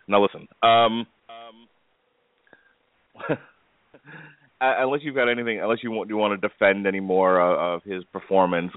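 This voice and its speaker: A man's voice: sits low, no room sound. A man hosting a casual movie chat podcast, rambling with many fillers and laughing often. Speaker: podcast host. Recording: tinny phone-like dry sound.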